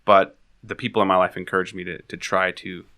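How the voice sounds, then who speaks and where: A man's voice: deep voice, flat delivery, a little fast, pushed and bright. A man co-hosting a casual conversation, asking questions and laughing easily. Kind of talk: casual conversational podcast talk.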